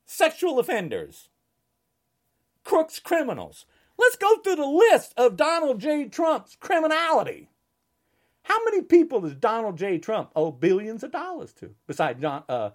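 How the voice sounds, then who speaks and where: A woman delivering an angry political rant, at times shouting. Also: a little high, huge pitch swings, a little slow.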